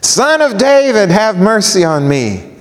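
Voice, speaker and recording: A desperate blind beggar calls out in a pleading, strained high voice, as a preacher acts him out. His cries ring with a long hall reverb. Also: unhurried. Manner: crying out, pleading.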